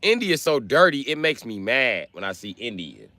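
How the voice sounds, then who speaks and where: A man's voice: medium pitch, very animated, normal speed, pushed and bright, no echo. A man ranting on a casual livestream, profane and confrontational, heckling his viewers.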